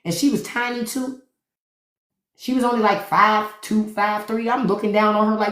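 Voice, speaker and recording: A woman with a deep voice hosting a live stream, telling unfiltered comedic stories, swearing freely and acting out the voices of the people in them. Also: moderate pace, reverberant, slight background noise. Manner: profane, animated, acts out other people's voices. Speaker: podcast host on a live stream. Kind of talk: unfiltered comedic storytelling monologue.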